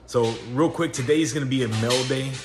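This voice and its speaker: A man's voice: medium pitch, brisk, music in the background. A man hosting his own podcast, chatting casually and rambling with many fillers and restarts, recorded at home. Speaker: podcast host. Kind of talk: casual solo podcast chat. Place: home laundry area, washers running. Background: dryer noise.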